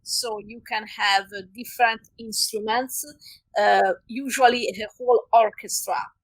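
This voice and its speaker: A woman whose first language is Italian, co-hosting a podcast and speaking hesitantly with many pauses and fillers. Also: a little high, steady tone, dry recording, low-quality recording. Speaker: podcast co-host. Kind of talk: casual podcast chat.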